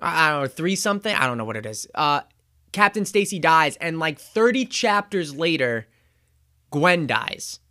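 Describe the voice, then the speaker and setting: Guy on a podcast going over a movie plot, kinda high voice, bright and punchy, lots of ums and little laughs. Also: big pitch swings, normal speed. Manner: rambling, chuckling, acts out quotes. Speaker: podcast host. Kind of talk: casual movie recap chat.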